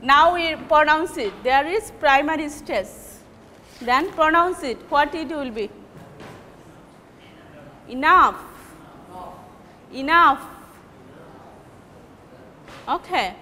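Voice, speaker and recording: High, bright Bangladeshi-accented woman teaching. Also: big-room sound, slight background noise. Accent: Bangladeshi English. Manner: slow, halting explanation with repeated example words. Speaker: English teacher. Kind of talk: classroom lecture on word stress.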